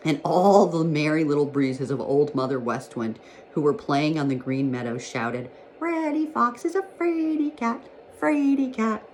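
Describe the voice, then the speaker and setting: A woman teacher reading a storybook aloud to first graders in a gentle, expressive storytelling manner. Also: extremely low pitch, a little hiss or hum. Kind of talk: storybook read-aloud for children.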